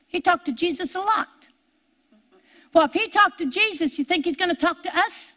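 A woman's voice: very high voice, normal speed, pushed and bright. A woman preaching a sermon, emphatic and repeating her points for force.

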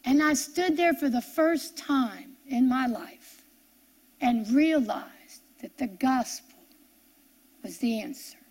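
A woman preacher with a high, bright-sitting voice delivers a sermon woven with her own testimony. She is middle-aged and fervent, climbing to impassioned peaks and then sinking into slow, hushed emphasis. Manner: fervent, builds to impassioned peaks, then slows and drops soft.

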